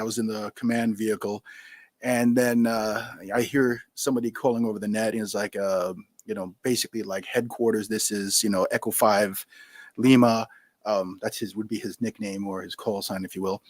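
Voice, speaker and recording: Male podcast guest, casual storyteller, animated, does voices, dry close mic. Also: fairly low pitch, brisk, no echo. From New York. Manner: animated, acts out quoted voices, laughs often.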